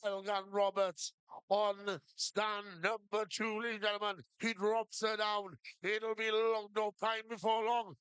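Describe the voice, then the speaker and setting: A man giving steady blow-by-blow live commentary on a shearing competition. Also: high-pitched, measured pace, clean tone, no echo. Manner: steady blow-by-blow calling of each shearing move. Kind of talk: live sports commentary over a PA.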